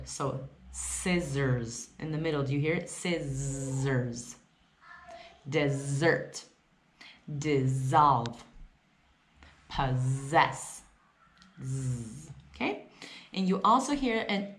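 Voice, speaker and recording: A young woman teaches English pronunciation straight to the camera. Her voice sits low and she takes her time, sounding out each example word and checking that the learner follows. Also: fairly bright tone. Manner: demonstrates sounds slowly, checks in with "okay?". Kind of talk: pronunciation lesson, modeling sounds.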